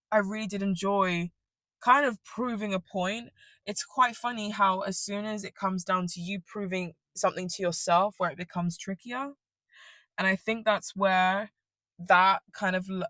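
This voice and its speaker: A woman's voice: mid-range voice, steady tone, measured pace, bright, forceful tone, no room sound. A woman ranting casually to camera, rambling and self-deprecating, swearing often and laughing at herself. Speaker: vlogger.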